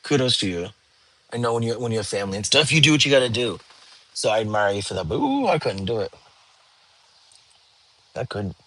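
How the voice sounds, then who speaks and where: A tired young man, hosting a relaxed livestream and chatting with viewers from home. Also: fairly low pitch, brisk, pauses often. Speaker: livestream host. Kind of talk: casual livestream chat. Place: home, lying down.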